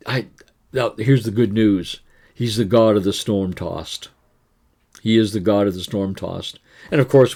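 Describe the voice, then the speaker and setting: A man's voice: medium pitch, darkish tone. A man giving a devotional sermon in an earnest, conversational way, with frequent restarts and rhetorical questions. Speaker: pastor.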